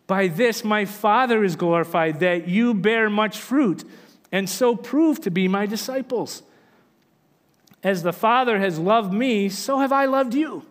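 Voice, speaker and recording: A man's voice: high voice, unhurried, big-room sound. A man preaching a sermon, reading scripture aloud and explaining it with earnest, emphatic delivery. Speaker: pastor.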